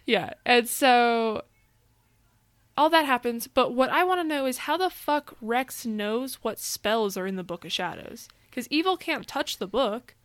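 Excitable woman podcast co-host, dry sound. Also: fairly high pitch, a little slow, no echo. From United States. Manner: excitable, jumps topics, swears casually. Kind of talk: casual chat.

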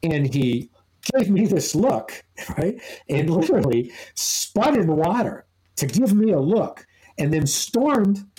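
Podcast co-host, male, mellow tone, loose rambling storyteller. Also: fairly high pitch, low-quality recording. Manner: rambling, amused anecdote-telling with many restarts. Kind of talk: casual storytelling chat.

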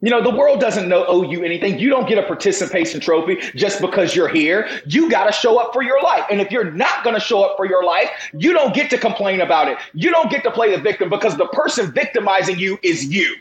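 A man's voice: sits high, big pitch swings, brisk, hardly any pauses, muffled recording. A man talking as a podcast guest and motivational speaker, emphatic and preacher-like, with rising bursts of intensity. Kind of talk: impassioned motivational talk. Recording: roomy echo, faint background noise.

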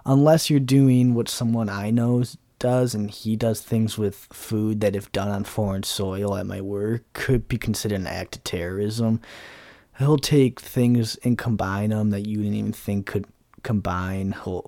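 A man's voice: on the low side, gravelly, a little mellow, dry recording. Blunt, sarcastic young man ranting. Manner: blunt, sarcastic, profane, rambling with many fillers. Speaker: podcast host. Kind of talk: casual ranting monologue.

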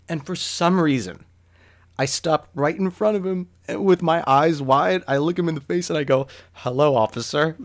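A man telling a comic personal story in a self-deprecating way, swearing casually and swinging between hushed asides and loud outbursts. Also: fairly high pitch.

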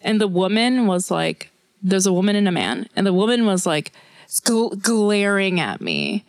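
A woman podcast co-host telling a story in casual chat, animated and full of fillers. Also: mid-range voice, measured pace, dry recording. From Korean family. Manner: animated storytelling with lots of "like" and laughter.

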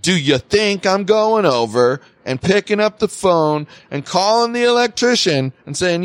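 A man's voice: a little slow, few pauses, dry recording. A man hosting a podcast, telling a work story in casual chat, swearing freely. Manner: animated, swings pitch widely, swears freely. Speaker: podcast host.

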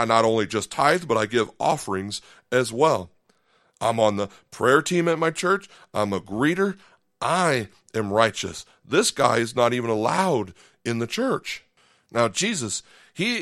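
A male pastor delivers a podcast sermon in a relaxed, conversational manner. He breaks into brief acted-out lines and keeps checking in with his listeners. His voice sits in a middle register and is recorded dry and close to the mic. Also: mid-range voice, dry recording. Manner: conversational, dramatizing with quick voiced asides, frequent "okay?".

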